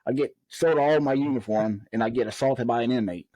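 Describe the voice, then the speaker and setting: A man recounts his story in an animated way, jumping into the voices of the people he quotes. His voice sits at a middle pitch and sounds close and dry, with no room around it. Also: quick pace, dry recording. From Southern United States. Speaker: guest, former prison officer. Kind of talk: storytelling in a podcast interview.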